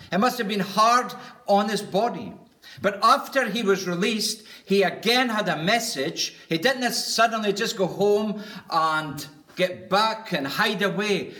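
Man, preacher, sermon, earnest, deliberate, slow, bright tone. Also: high-pitched. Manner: earnest, deliberate, lingering on words in lists.

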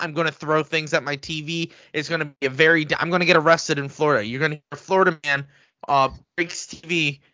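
A man co-hosting a casual sports podcast, excitable and quick to get heated as he rants. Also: a little high, no room sound, lo-fi sound. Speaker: podcast co-host.

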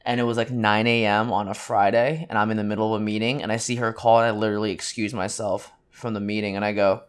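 A man's voice: fairly low pitch, little pitch movement, quick pace, clean tone. A man in his thirties, co-hosting a podcast in casual chat, rambling with many ums and restarts. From United States. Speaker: podcast co-host.

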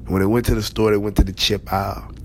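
A man's voice: fairly low pitch, little pitch movement, quick pace, a little hiss or hum. A man giving a conversational motivational talk to leaders, emphatic and repeating key phrases. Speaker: motivational speaker.

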